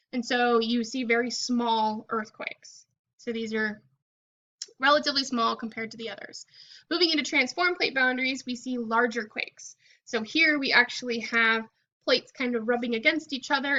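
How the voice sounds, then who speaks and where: A woman with a bright, forceful voice walks students through a recorded college lecture. She explains casually, checking in with "okay" and filling pauses with "um". The recording sounds dull and lo-fi. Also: on the high side. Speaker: college geology instructor.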